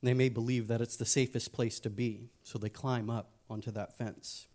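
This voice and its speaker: A man's voice: medium pitch, little pitch movement, normal speed, darkish tone. A man giving a casual sermon as a youth pastor, joking and speaking frankly.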